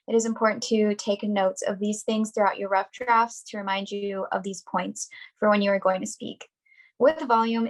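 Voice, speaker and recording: A young woman on a video call reading a prepared workshop presentation in a clear, deliberate, instructional way. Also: mid-range voice, poor audio.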